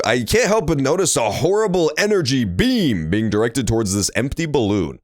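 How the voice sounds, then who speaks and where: A man's voice: medium pitch, big pitch swings, moderate pace, no echo. A young man streaming a courtroom game, joking crudely and rambling while he plays. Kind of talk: casual let's-play commentary. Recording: dry room with faint game music.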